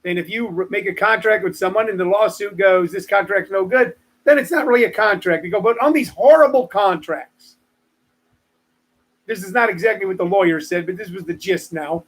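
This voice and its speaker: A man's voice: high-pitched, quick pace, few pauses, fairly bright tone. A man in his sixties, a comedian hosting his live stream, rambling through stories and joking asides to viewers. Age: 60s. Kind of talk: casual live-stream monologue.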